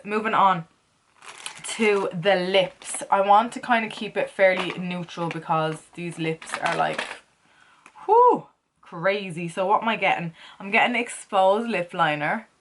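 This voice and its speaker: Woman, makeup vlogger, mid-pitched, loose and chatty, thinks out loud. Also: fairly even intonation, unhurried, slight background noise. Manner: chatty, playful, talks to herself while working. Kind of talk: casual makeup tutorial chat.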